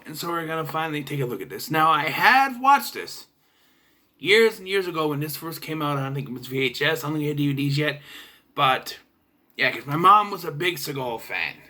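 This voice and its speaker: A young man chats his way through a movie review, sarcastic and loose. His voice is bright and fairly high, and it swings up and down a lot as he talks. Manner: chatty, sarcastic, clears throat. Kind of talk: casual video review.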